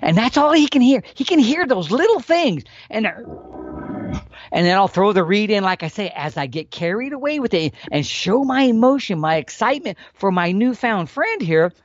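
A man explaining elk calling tactics in a folksy, animated storytelling manner. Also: high voice, moderate pace, muffled recording. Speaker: elk hunting instructor.

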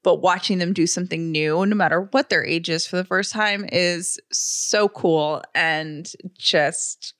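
A woman's voice: lowish voice, a little slow, few pauses, no echo. Young woman co-host, bubbly and gushing, dry studio sound. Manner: gushing, excitable storytelling. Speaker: podcast co-host. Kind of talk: casual chat.

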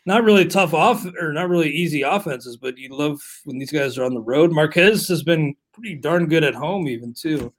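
Higher-voiced man hosting a sports podcast. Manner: brisk, conversational, leads the rundown. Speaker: podcast co-host. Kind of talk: casual podcast chat.

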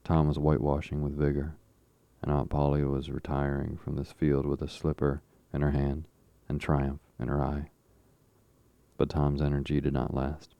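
A man narrating a classic novel as an audiobook in a measured, even storytelling manner. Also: extremely low pitch, vocal fry, dry recording, highs cut off.

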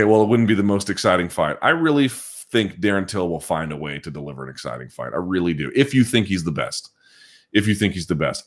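A man hosting a live podcast chat, thinking out loud and restarting his sentences as he answers viewers' questions. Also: fairly low pitch. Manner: thinking aloud, frequent restarts and hedging. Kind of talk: casual live chat commentary.

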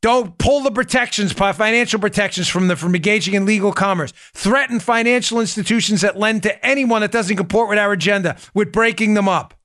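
A male host of a political commentary show who talks in an animated, indignant way. His voice sits high and sounds bright and forceful. He keeps turning to his listeners as folks. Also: fairly quick, hardly any pauses.

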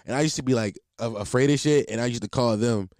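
A young man rambles through a solo podcast, slangy, profane and quick to laugh at himself. His voice sits at an everyday middle pitch. The sound is dry and close, with no room around it. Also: darkish tone, no room sound. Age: 20s. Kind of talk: casual solo podcast monologue.

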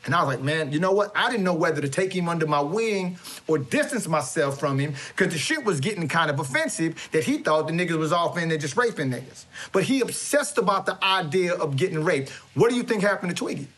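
A man's voice: a little high, expressive, brisk, few pauses, a bit bright. A man giving a swaggering, preachy comedic monologue with lots of stammering restarts. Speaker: comedic motivational speaker character.

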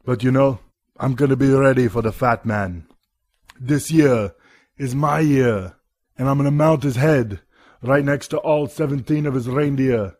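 A man's voice: mid-range voice, measured pace, darkish tone, no echo, clean studio sound, close to an everyday voice. A man doing a comic impression of a self-important Austrian action-star governor, boasting in a thick put-on Austrian accent. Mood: menacing. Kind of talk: comedy sketch monologue.

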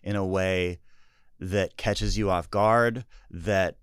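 A low-voiced American man talks shop as a stand-up comedian, rambling and restarting as he goes. His voice is smooth and resonant, recorded close and dry with no room sound. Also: steady tone, slow, dry recording. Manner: rambling, self-interrupting, earnest. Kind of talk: casual podcast chat.

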